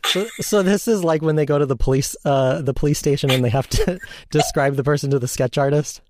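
A woman's voice: sits low, a little fast, background noise. A woman in casual chat, listening and teasing her friend dryly. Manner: dry, teasing listener who pushes back.

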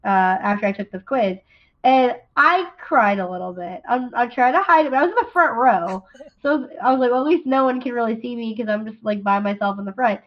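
A woman's voice: on the high side, fairly quick. A young woman co-hosting a podcast, telling a rambling story with restarts and frequent laughter. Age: young adult. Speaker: podcast co-host. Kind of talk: casual chat. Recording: dull lo-fi sound.

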